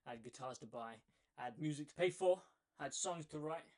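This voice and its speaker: A young man telling his own story in a casual monologue, energetic and emphatic, repeating phrases for effect and a little out of breath. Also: on the high side, fairly quick. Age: young adult. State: slightly out of breath. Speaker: vlogger.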